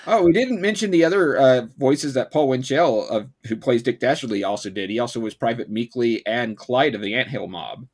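A man co-hosting a podcast, talking casually in a chatty, halting way with frequent laughs. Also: mid-range voice, a little mellow. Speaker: podcast co-host.

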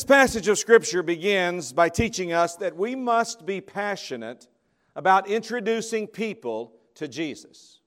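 A man with a notably high voice delivers a sermon to a gathering. He is emphatic, dropping to soft, drawn-out words and then pressing louder on key phrases. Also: lively intonation. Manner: emphatic, swings between soft and loud. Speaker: preacher giving a convocation message.

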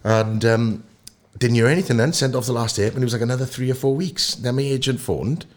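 A young Welsh man chatting as a podcast guest, telling stories in an animated way and acting out the voices of people he quotes. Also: mid-range voice, brisk. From Wales. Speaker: guest actor. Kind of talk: casual podcast storytelling.

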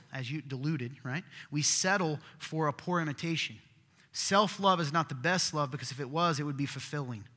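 A male pastor preaching a sermon in an earnest, conversational way, swinging from loud to hushed. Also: fairly high pitch. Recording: long reverb of a large hall.

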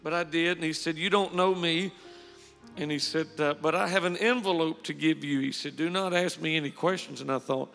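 Gravelly preacher in a church hall. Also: male voice, fairly high pitch, normal speed, a bit bright, soft background music. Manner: storytelling, emotional, rising to fervent praise. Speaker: pastor. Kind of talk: sermon. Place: church sanctuary.

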